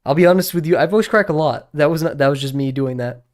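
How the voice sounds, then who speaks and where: A man's voice: on the high side, fast talker. A man in his twenties chats casually while streaming, wandering from thought to thought. He pokes fun at himself and breaks into small laughs between phrases. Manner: rambling, self-deprecating, laughs often. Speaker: drawing streamer.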